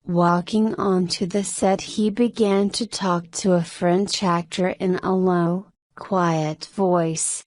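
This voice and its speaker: A woman narrating a novel slowly and carefully for English learners. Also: lowish voice, little pitch movement, a little mellow, dry recording, studio quality. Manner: slow, careful reading.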